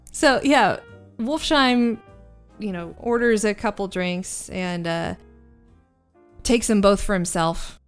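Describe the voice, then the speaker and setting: Woman dm narrating the game, smooth clear voice, chatty, laughs a lot. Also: mid-range voice, takes it slowly, long pauses, soft background music. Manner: chatty, laughs often, many fillers. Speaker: game master.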